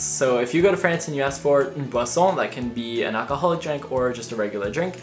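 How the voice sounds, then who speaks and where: Young woman from Canada, casual vlog, friendly teaching tone, faint guitar behind. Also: extremely low pitch. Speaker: language vlogger.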